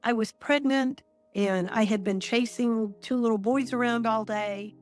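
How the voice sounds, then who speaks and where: A woman in her sixties speaks slowly and thoughtfully as an interview guest. She recounts her story with pauses between phrases. Soft music plays faintly underneath. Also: on the high side, steady tone. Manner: measured and reflective, pausing between phrases.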